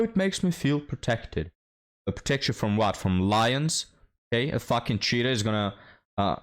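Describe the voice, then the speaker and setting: A man with a fairly low voice gives a reaction commentary. He speaks bluntly and mocks freely, with plenty of swearing. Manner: blunt, mocking, profane. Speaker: commentary host.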